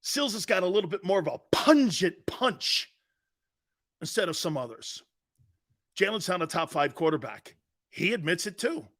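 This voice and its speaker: A middle-aged man hosting a sports talk show, brash and jokey, loud and given to repeating himself. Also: high-pitched, sing-song, normal speed, long pauses.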